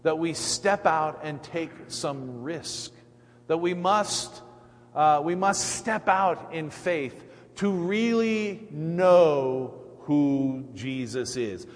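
A man preaching a sermon as pastor, conversational and reflective, pausing often with fillers. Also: on the high side. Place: church. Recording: echoey hall, faint hum.

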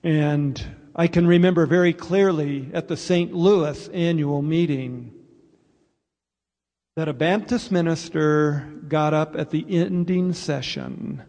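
A man preaching a sermon as pastor, speaking earnestly and explaining with pauses. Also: a little high, a little mellow. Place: church sanctuary. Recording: reverberant church hall.

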